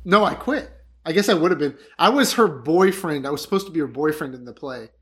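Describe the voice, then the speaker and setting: A man's voice: a little high, animated, fairly quick. Young guy chatting w friends over beers, jokey storyteller. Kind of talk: casual group chat tasting beers.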